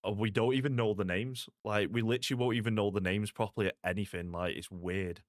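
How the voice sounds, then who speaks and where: A man's voice: lowish voice, fairly even intonation, fast, no room sound, clean studio sound. A young man, chatting casually to viewers while playing a game, laid-back and full of "like" and "mate". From Salford, England. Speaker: streamer. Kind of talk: casual gaming stream chat.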